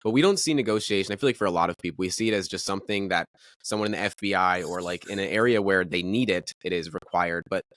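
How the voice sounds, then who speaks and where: A man's voice: low voice, fast, a bit bright, no room sound, clean studio sound. A young man hosting a podcast, asking eager questions with lots of filler words. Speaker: podcast host. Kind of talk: interview questions.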